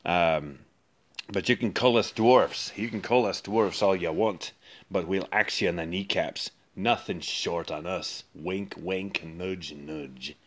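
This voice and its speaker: A man putting on a deep Scottish dwarf shaman. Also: takes it slowly, fairly bright tone, full character voice. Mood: swaggering. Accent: put-on Scottish. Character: boisterous hard-drinking male dwarf shaman. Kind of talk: in-character role-play monologue.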